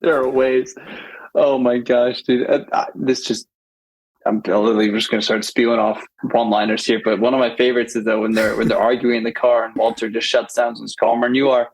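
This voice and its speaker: A man's voice: medium pitch, flat delivery, a little fast, slightly rough, low-quality recording. A man co-hosting a podcast in casual chat, enthusiastic and rambling with many restarts. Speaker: podcast co-host.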